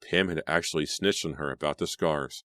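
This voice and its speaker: A man narrating an audiobook in a steady storytelling manner. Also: a bass voice, normal speed, dry recording, clean studio sound.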